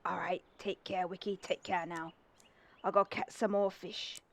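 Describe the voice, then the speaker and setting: A woman's voice: fairly low pitch, flat delivery, extremely slow, pushed and bright, heavily acted. A woman voicing a haggling old male fisherman in a game, with a put-on accent that keeps drifting. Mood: folksy haggling.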